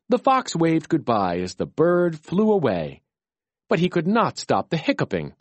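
A narrator reading a children's storybook chapter aloud slowly and expressively. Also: medium pitch, wildly swooping pitch, no room sound.

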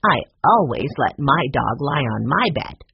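A narrator voicing Aunt Jane, a stubborn, cross, frail old woman with a short, sharp way of speaking, in a storybook. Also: mid-range voice, very animated, measured pace, gravelly, husky, no room sound, dull audio, heavily acted.

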